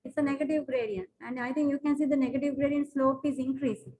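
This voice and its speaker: High-voiced woman teaching a maths class. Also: steady tone, fast, mellow, poor audio. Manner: checks often whether students follow; repetitive, with many fillers and restarts. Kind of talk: classroom lesson explaining graphs.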